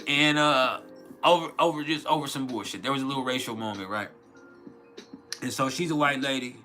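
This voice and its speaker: A man's voice: medium pitch, brisk, sharp tone, faint music behind. A man hosting an astrology livestream in a loose, rambling, profane way, full of fillers and restarts. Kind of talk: casual livestream chat.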